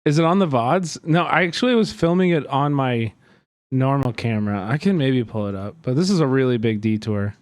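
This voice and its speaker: A man's voice: medium pitch, animated, fairly quick, dry recording. A man streaming live, telling a story in an agitated, profane way that rambles with many fillers.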